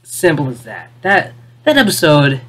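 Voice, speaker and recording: An exasperated vlogger talks straight to the camera in an unplanned rant. The voice swings between loud, incredulous outbursts and low, deflated muttering. Points come back again and again, mixed with rhetorical questions. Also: wildly swooping pitch, unhurried, breathy edge. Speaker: video creator ranting about a cartoon finale.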